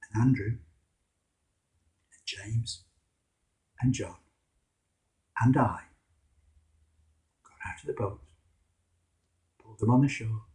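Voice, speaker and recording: A man's voice: medium pitch, slow, pauses often, a little mellow. A man telling a story in the first person as a fisherman disciple, in a wry, conversational, self-mocking way.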